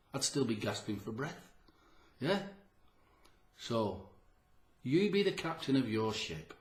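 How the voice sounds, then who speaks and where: A man's voice: mid-range voice, echoey room. A man giving an earnest, emphatic motivational talk to camera about his health, repeating key phrases and sounding short of breath. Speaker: health vlogger.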